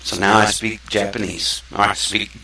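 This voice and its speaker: A man's voice: on the low side, steady tone, unhurried, pushed and bright. A man from Mississippi hosting his own show, talking in an earnest, rambling, conversational way. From South Mississippi, USA. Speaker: show host. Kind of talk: casual talk-show monologue. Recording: echoey room, far from the mic.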